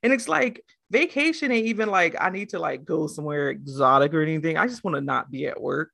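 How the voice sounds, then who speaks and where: Gravelly, lively-voiced woman co-host. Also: low-pitched, brisk, dry recording, studio quality. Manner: profane, animated and teasing. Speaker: podcast co-host. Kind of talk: casual chat.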